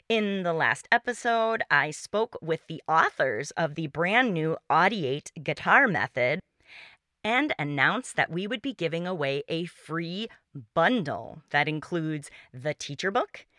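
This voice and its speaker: A woman hosting a solo podcast, explaining music teaching ideas in a clear, measured way. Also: fairly low pitch, sharp tone, no echo, studio quality. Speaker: podcast host.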